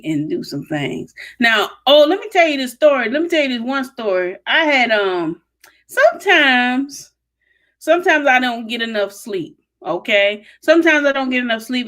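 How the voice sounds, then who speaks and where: A woman's voice: mid-range voice, a bit bright. A woman with a Detroit accent hosting her own podcast, chatting casually on a live Q&A stream, telling rambling stories with laughs and asides. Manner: chatty, storytelling, laughs and drifts off-topic. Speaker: podcast host.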